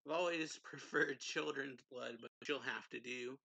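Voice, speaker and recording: Brief: man reading a teasing, sadistic vampire lord, bright and mock-casual. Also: mid-range voice, measured pace, creaky, exaggerated voice, rough recording. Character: playful sadistic male vampire aristocrat.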